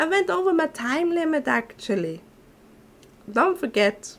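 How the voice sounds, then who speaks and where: A woman's voice: high voice, very animated, unhurried, background noise. A woman streaming a game, chatting casually and giggling often between asides. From not Australia. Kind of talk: casual gameplay chat, reading game lines aloud.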